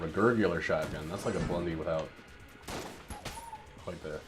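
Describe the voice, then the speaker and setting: A man's voice: low-pitched, normal speed. A man streaming a video game, giving casual play-by-play commentary in a wry, rambling way with muttered asides. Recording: game music playing behind. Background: loud game music and gunfire.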